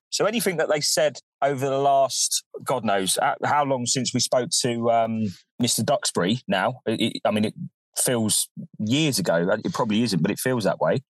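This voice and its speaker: A man's voice: mid-range voice, normal speed, no room sound, poor audio. A man co-hosting a podcast, making a blunt, frustrated argument. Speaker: podcast co-host. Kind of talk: casual podcast chat.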